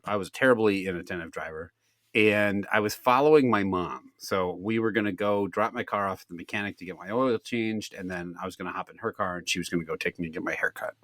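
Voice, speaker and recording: A man's voice: fairly low pitch, fairly quick, dry recording, studio quality. A young man co-hosting a podcast, telling a story in casual chat, swearing freely and acting out the people in it. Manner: animated, swearing, acts out others' voices with laughs. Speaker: podcast co-host.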